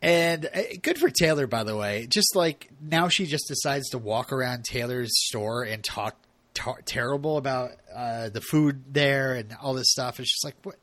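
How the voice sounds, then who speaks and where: A man's voice: mid-range voice, normal speed, fairly bright tone, no echo. A man casually recapping a TV episode as a podcast co-host, chatty and full of laughs and fillers.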